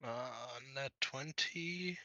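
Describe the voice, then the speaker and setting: A man playing a tabletop game, calling his rolls slowly with many ums. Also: medium pitch, bright, forceful tone, no room sound, dull audio. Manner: slow, drawn out with ums. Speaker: player. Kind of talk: casual play at a tabletop game.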